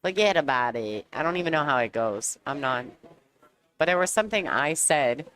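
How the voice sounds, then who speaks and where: A woman's voice: low voice, lively intonation, normal speed, fairly bright tone, slight background noise. A woman commentating a pool match, chatty and bantering, often laughing as she talks. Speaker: sports commentator. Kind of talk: casual play-by-play commentary.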